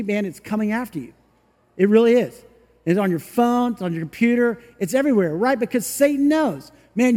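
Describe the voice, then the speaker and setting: Male pastor, very high voice, conversational preaching with acted-out asides, long church reverb. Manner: conversational, acts out little voices, shouts of "woo". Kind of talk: sermon. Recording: long reverb from a large room.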